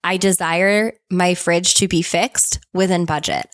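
A woman's voice: mid-range voice, a little slow, hardly any pauses, no echo, studio quality. Earnest woman giving casual advice. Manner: earnest, animated storytelling. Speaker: manifestation vlogger.

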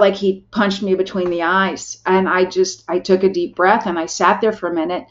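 A woman's voice: medium pitch, flat delivery, moderate pace, hardly any pauses, lo-fi sound. A middle-aged woman telling a personal story as a podcast guest, earnest and heartfelt, often restarting her sentences.

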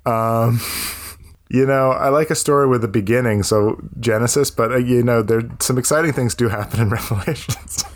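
A man's voice: mid-range voice, moderate pace. A man co-hosting a book podcast, musing hesitantly with lots of fillers and self-mocking asides. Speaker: podcast co-host. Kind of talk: casual book podcast chat.

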